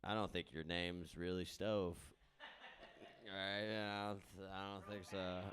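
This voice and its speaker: A man's voice: low-pitched, level tone, unhurried, a bit bright, slight background noise. A young man doing a stand-up set in a comedy club, rambling through crowd work and stories with lots of filler and a habit of asking "all right?".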